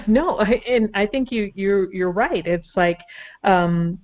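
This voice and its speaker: A woman's voice: mid-range voice, slow pace. A woman from Minnesota, a guest in a casual conversation, rambling and hesitant with many fillers. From Minnesota, USA. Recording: dull lo-fi audio.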